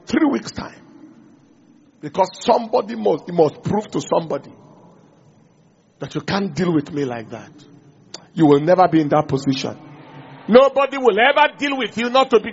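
A man's voice: high-pitched, lively intonation, normal speed, gravelly, long pauses, lo-fi sound, a little hiss or hum. A man preaching a sermon as pastor, calling out to the congregation.

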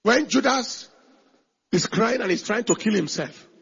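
A male pastor preaches emphatically, swinging between shouted lines and quiet asides. His voice is very high and strongly raspy, with a tense, forceful edge. The recording sounds dull and lo-fi. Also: lively intonation, measured pace. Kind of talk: sermon.

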